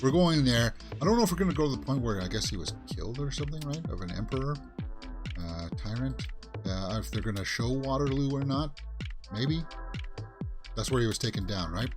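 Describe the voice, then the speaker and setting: Guy on a movie talk show rambling thru a trailer reaction, lots of ums, mid pitch, faint music behind. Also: animated, fairly quick. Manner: loose and rambling, many fillers and restarts. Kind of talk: casual trailer reaction commentary.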